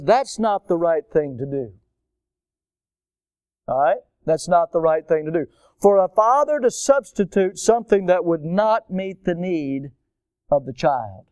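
Animated storytelling man preaching. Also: high-pitched, measured pace, clean tone, dry recording. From Florida. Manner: animated storyteller, acts out voices. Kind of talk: storytelling sermon.

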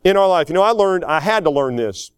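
A middle-aged man with a drawl preaches with homespun energy, laughing often and slipping into quoted voices. His voice sits a little high for a man. The sound is dry and close, with no room around it. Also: fairly quick, clear, resonant tone, no echo. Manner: folksy, animated preaching with chuckles and acted-out quotes. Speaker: pastor. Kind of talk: sermon.

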